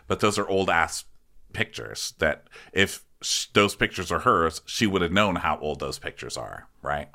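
Bright-voiced man rambling through a recap. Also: low-pitched, expressive, a little slow, gravelly. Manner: rambling, laughs often. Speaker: podcast host. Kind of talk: casual comedic recap.

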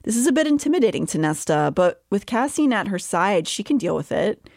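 A woman co-hosting a podcast, recapping a novel's plot in a casual chatty way and now and then dropping into quick silly character voices. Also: medium pitch, very animated, gravelly, darkish tone, no echo, studio quality. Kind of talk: casual book recap chat.

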